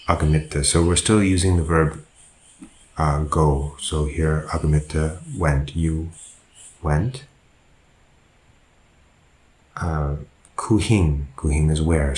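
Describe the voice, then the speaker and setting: A man's voice: very deep voice, a little mellow, echoey room. A man, a monk, teaching a language lesson, who goes through example sentences patiently and often corrects himself. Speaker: Buddhist monk teaching Pali.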